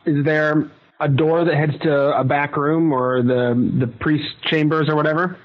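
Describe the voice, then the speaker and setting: A man's voice: fairly high pitch, fairly even intonation, a little slow. A man playing a tabletop game, talking in a plain, matter-of-fact way. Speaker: player. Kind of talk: casual tabletop play. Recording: dull lo-fi sound.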